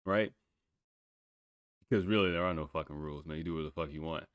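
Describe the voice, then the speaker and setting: A podcast host talks casually and bluntly, swearing freely and laughing often. His voice is low with a fairly bright tone, and the clean studio recording has no echo.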